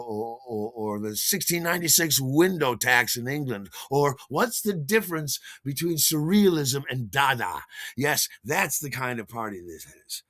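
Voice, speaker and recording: A man's voice: mid-range voice, a bit bright, dry recording, clean studio sound. A man telling a personal story in an enthusiastic, theatrical way as a podcast host, scatting rhythms along the way.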